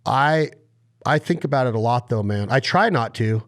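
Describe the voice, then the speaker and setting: Man, podcast host, animated and emphatic storytelling. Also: medium pitch, normal speed. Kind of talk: casual podcast interview.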